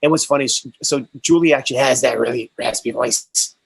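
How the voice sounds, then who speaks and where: A man's voice: mid-range voice, a little fast, creaky, breathy edge, dry recording, rough recording. A male actor as an interview guest, telling stories in a casual, enthusiastic way with many restarts.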